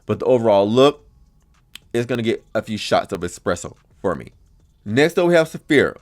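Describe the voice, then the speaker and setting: Animated, blunt male podcast host. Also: mid-range voice, brisk. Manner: chatty, blunt and expressive, with frequent swearing. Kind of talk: casual reaction commentary.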